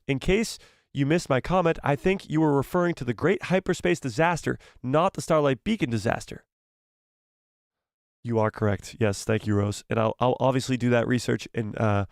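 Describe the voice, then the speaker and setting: Hoarse, excitable man hosting a live stream. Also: mid-range voice, dry recording, studio quality. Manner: excitable, frequent exclamations and quick laughs. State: losing his voice, throat-clearing. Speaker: livestream host. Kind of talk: live watch-party chat, reading viewer messages.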